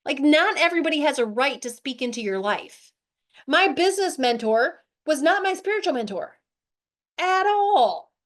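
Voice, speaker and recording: A middle-aged woman hosting a weight-loss show, giving an animated, chatty motivational talk to her group. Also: high voice, moderate pace. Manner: animated, chatty, with lots of "like" and "right?".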